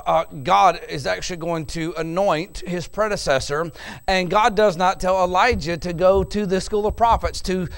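A pastor delivering a sermon, moving from quiet storytelling to loud, emphatic preaching. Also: male voice, on the high side.

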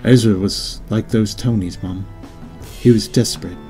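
A man voicing a sullen, withdrawn teenage boy in an audiobook, giving terse, flat replies. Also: on the low side, normal speed, soft background music, lightly acted. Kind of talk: audiobook character reading.

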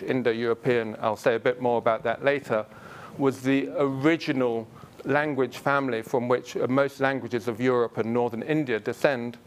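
Relaxed lecturing man with many ums. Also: mid-range voice, smooth. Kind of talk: public lecture on word history. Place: college lecture room.

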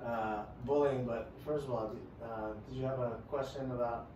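A man's voice: mid-range voice, steady tone, normal speed, a little mellow, slight background noise. Hesitant male host, roomy and distant. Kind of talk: casual interview.

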